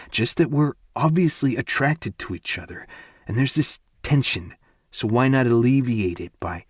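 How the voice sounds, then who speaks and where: A man's voice: medium pitch, expressive, unhurried, husky, no room sound, studio quality. A young man narrating a first-person romance audiobook in an intense, candid manner.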